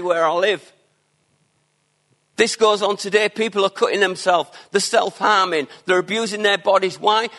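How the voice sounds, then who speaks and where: A man preaching a sermon, earnest and emphatic, with quieter asides between his declarations. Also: high-pitched.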